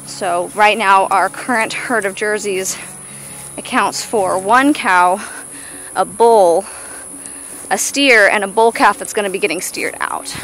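A woman's voice: medium pitch, slow, a bit bright, faint music behind, rough recording. Woman, farm vlogger, chatty and breathless, baby talk to animals, outdoor handheld camera. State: out of breath from walking in the heat. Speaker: homesteader showing her farm animals. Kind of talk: casual farm tour vlog.

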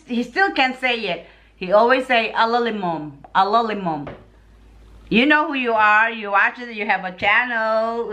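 Filipina vlogger, Filipino accent, bright slightly high voice, slow and chatty. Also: female voice. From Philippines. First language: Tagalog. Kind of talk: casual chat.

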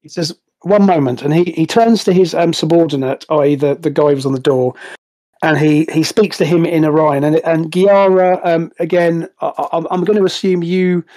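A man narrates as game master over a voice call, circling back and restarting his sentences as he describes the scene. His voice is mellow and a little high for a man. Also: steady tone, a little fast. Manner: rambling, many restarts and fillers. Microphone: voice call headset.

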